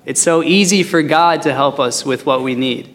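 A man's voice: on the high side, normal speed, fairly bright tone. A man teaching a Bible passage in a chatty, joking way, reading verses and explaining them. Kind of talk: casual Bible study teaching. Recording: long hall reverb.

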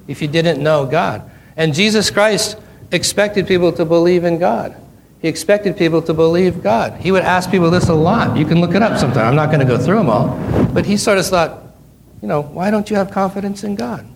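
A middle-aged man with a slightly high voice leads a Bible study, reading scripture aloud and then stopping to quiz his listeners with folksy, joking asides. There's slight background noise.

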